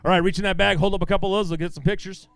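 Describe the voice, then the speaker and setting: A man emceeing a fishing tournament weigh-in outdoors, booming out weights and angler names in an upbeat, lively way over a handheld microphone. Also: rapid-fire, gravelly, smooth, no room sound. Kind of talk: live weigh-in announcing.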